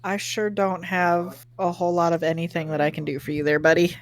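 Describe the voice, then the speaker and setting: A woman's voice: lowish voice, level tone, a little fast. A woman playing a tabletop game, talking hesitantly with many fillers. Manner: hesitant, lots of ums and likes. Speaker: player. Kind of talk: casual tabletop play.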